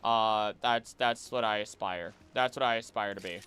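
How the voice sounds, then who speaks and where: A man's voice: lowish voice, moderate pace, bright, forceful tone, clear, resonant tone. A young man streaming a game and chatting casually with his chat, repeating himself and using many fillers.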